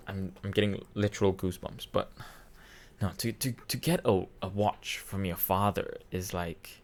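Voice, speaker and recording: A man in his twenties, a vlogger, telling a personal story in a rambling, emotional way with many restarts, choked up and near tears. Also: fairly low pitch. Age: 20s. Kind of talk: casual storytelling.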